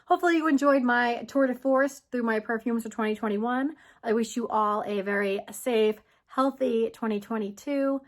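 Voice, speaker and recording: A woman's voice: on the high side, normal speed, few pauses. A woman perfume vlogger from the United States, talking casually and a little out of breath while holding a phone gimbal at home. She stumbles over names and corrects herself as she goes. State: a bit out of breath. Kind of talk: casual vlog ranking. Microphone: handheld phone gimbal.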